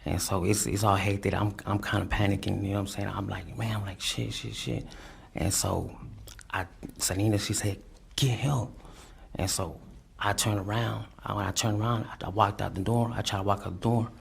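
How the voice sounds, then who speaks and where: A man giving courtroom testimony, halting and repeating his words, often adding "you know what I'm saying". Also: on the low side, little pitch movement, vocal fry, slightly rough. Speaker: defendant testifying.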